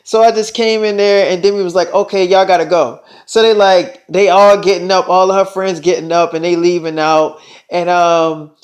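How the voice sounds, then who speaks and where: A young man with a high voice spins a casual, rambling tale. He talks loosely, stacking fillers and swearing as he goes. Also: steady tone, normal speed. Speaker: storyteller. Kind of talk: casual storytelling.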